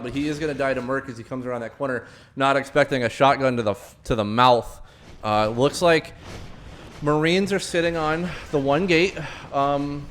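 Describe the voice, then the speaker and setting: A man from Florida calls a live esports match in a plain, mid-pitched voice, rattling off players and moves with frequent "um"s and quick self-corrections. His throat is strained and scratchy from allergies. Faint game sounds and gunfire sit quietly behind him. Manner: rapid play-by-play with frequent fillers and self-corrections. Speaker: esports commentator. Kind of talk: live play-by-play game commentary.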